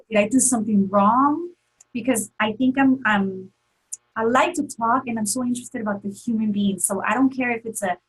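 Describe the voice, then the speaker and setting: Female guest recounting a painful past in an earnest, emotional way, husky and somewhat high-pitched. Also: poor audio. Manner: earnest, emotional, many fillers and restarts. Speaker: interview guest. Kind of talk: emotional personal story in an interview.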